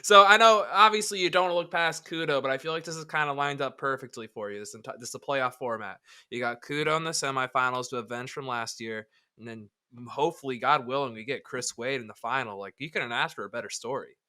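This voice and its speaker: A man's voice: mid-range voice, fast, hardly any pauses, pushed and bright. A male podcast host in casual chat, hyped, eager and profane.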